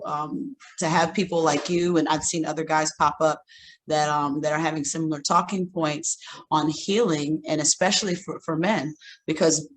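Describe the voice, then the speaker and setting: A woman guest in a casual conversation, speaking thoughtfully in a halting way. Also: low voice, a little hiss or hum. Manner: thoughtful, halting, with restarts and fillers.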